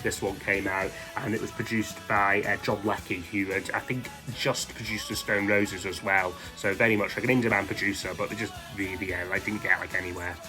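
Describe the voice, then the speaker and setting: A man's voice: fairly low pitch, little pitch movement, a little fast, few pauses, sharp tone, soft background music. A man casually talking through his favourite albums, rambling and enthusiastic, with lots of "like" and "um". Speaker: music vlogger ranking albums. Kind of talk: casual spoken album countdown.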